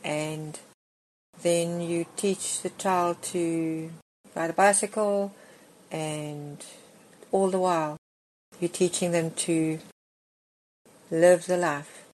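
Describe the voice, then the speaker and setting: A woman's voice: lowish voice, a little mellow. A middle-aged woman preaching a sermon, earnest and emphatic as she reads and explains scripture.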